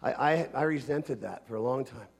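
A man's voice: mid-range voice, moderate pace, gravelly, husky. A pastor from Canada preaching a sermon to his congregation, earnest and emphatic, leaning on repetition.

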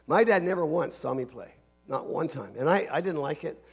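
Male pastor, fairly high voice, earnest emphatic sermon, repeats key phrases. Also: normal speed, slightly rough, faint music behind. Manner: earnest, emphatic preaching with repetition.

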